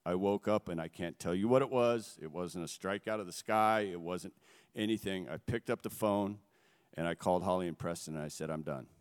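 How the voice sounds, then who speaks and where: A middle-aged man giving an earnest, halting personal testimony from a stage before a gathering. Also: low voice, clear, resonant tone. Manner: earnest, halting, emotional storytelling. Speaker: guest speaker. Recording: long echo of a large hall.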